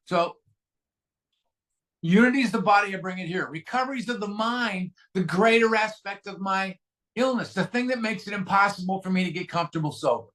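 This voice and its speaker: A man's voice: high voice, brisk, fairly bright tone. A man from California sharing his recovery story at a meeting, candid and self-mocking, with many fillers and restarts. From California, USA. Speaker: guest speaker at a recovery meeting. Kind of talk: personal recovery share.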